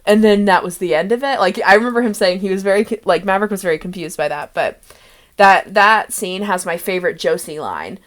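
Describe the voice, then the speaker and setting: A young woman who runs the game chats loosely about past sessions, her thoughts tumbling out with frequent giggles. Her voice sits at an ordinary middle pitch and her talk drifts easily from one memory to the next. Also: a little fast. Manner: rambling, giggly, laughs often between thoughts. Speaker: game master and host. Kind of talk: casual chat about a tabletop campaign.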